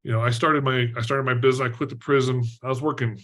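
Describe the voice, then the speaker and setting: A middle-aged man from Texas, a podcast guest telling a story in a lively way, laughing often and using lots of fillers. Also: medium pitch, rapid-fire. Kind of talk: storytelling in an interview.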